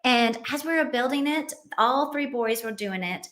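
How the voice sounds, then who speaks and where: A woman's voice: on the high side, animated, normal speed, fairly bright tone. A middle-aged woman hosting a Christian parenting show, telling a family story in an earnest, heartfelt way. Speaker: Christian parenting podcast host. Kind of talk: personal storytelling.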